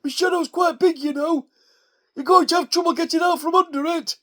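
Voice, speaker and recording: A man's voice: very high voice, fairly quick, a bit bright, voice pushed up. A man doing a boastful veteran wrestler impression. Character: pompous older male wrestling veteran, boastful.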